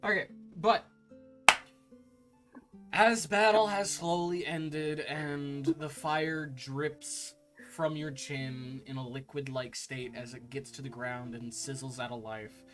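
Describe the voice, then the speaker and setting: A man narrating scenes as the game master of a tabletop game, slow and descriptive with filler words. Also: mid-range voice, fairly even intonation, fairly bright tone. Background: faint background music.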